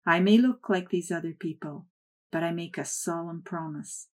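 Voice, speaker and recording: A woman with a somewhat low voice reads a first-person memoir aloud. Her storytelling is soft and measured. The narration is unhurried.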